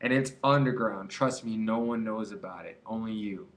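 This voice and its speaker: A man's voice: lowish voice, normal speed. A young man talking straight to his viewers in a casual advice vlog, rambling and emphatic, with many fillers and restarts. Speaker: vlogger giving quit-weed advice.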